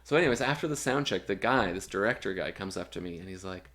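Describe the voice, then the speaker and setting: A fairly low-voiced young man telling a story in casual conversation. He swears freely and piles on fillers and quick asides as he goes. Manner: animated, profane anecdote telling with filler words. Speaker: guest musician.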